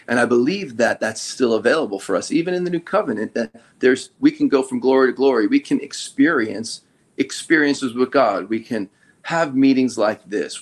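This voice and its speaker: Middle-aged male preacher, chatty sermon delivery, leans on and stretches key words, mid-range voice. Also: medium pitch.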